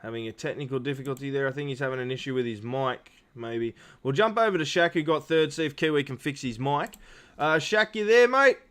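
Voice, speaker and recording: A man's voice: medium pitch, quick pace, hardly any pauses, a bit bright. A man hosting post-race interviews on a live stream, rambling with lots of fillers and restarts. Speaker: stream host.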